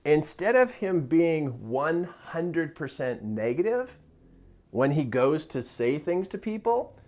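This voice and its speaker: A man giving a motivational talk as a self-help mentor, drawing as he speaks, animated and laughing often. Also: a little high, slow pace.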